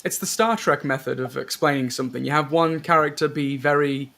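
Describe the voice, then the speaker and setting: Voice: medium pitch, fairly quick, fairly bright tone. A co-host of a casual movie watch party, making wry joking remarks about the film. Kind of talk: casual movie commentary chat.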